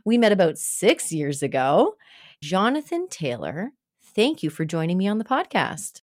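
A woman's voice: lowish voice, very animated, moderate pace, no room sound, clean studio sound. A woman hosting a podcast, chatting casually and candidly with a guest, joking and swearing now and then. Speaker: podcast host. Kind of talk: casual interview chat.

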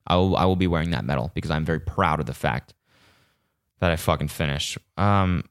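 A young man from California hosting a casual solo podcast, animated and profane, mimicking the voices of others as he tells a story. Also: very deep voice, brisk, gravelly. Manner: animated, swears a lot, mimics cheering voices. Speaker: podcast host.

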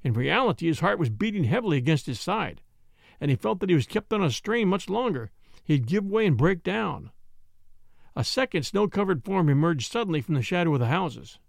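Expressive male audiobook narrator, high lively voice. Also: vocal fry, dry recording, clean studio sound. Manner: measured, expressive storytelling.

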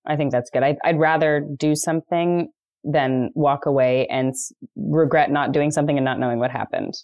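A woman's voice: sits low, fairly even intonation, normal speed, dull audio. A woman guest on a podcast, chatting frankly and laughing easily. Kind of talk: casual chat.

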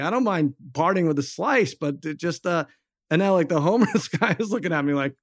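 A man co-hosting a podcast, telling a comic story in a lively, self-mocking way and acting out the quotes. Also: on the high side, fast talker, dry recording, clean studio sound. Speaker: podcast co-host. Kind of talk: casual comic chat.

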